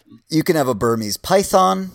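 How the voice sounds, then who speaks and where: A man's voice: a little high, expressive, moderate pace, gravelly, dry recording. A man co-hosting a podcast in casual chat, playful and often laughing as he runs a list game. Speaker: podcast co-host.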